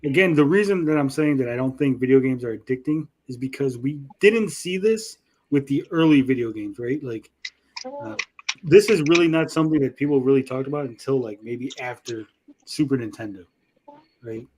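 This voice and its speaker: A man's voice: medium pitch, lively intonation, normal speed, a little mellow, slight background noise. A man hosting a casual panel chat about games, rambling with lots of fillers and the odd swear. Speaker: podcast host.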